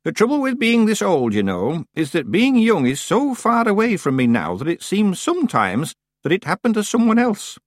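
A man's voice: high-pitched, wildly swooping pitch, normal speed, hardly any pauses, dry recording, clean studio sound, pitched above the performer's own voice. A man voicing a very old, stern woman witch with a quavering, tart voice in an audiobook reading.

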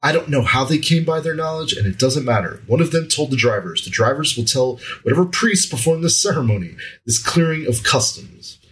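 A man's voice: mid-range voice, expressive, fairly quick, hardly any pauses, a bit bright, natural voice, low-quality recording. A stern, older gunslinger gives curt orders, as a man reads him aloud. His delivery is commanding and clipped. The voice sits in a middle register.

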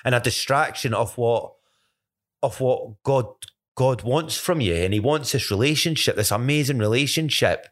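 Scottish man, podcast co-host, loose rambling testimony, mid pitch, stumbles and restarts often. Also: normal speed. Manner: rambling, many restarts and self-corrections. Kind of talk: casual faith testimony chat.

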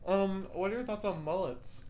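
A woman's voice: mid-range voice, normal speed, a little mellow, roomy sound, a little hiss or hum. A young woman co-hosting a podcast in casual chat, giggling and reacting with animation. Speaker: podcast co-host.

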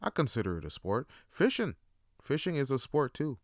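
A man's voice: mid-range voice, huge pitch swings, moderate pace, dry recording, clean studio sound. A young man hosting a solo talk show, rambling profanely and casually, often laughing and acting out little scenes. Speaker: podcast host.

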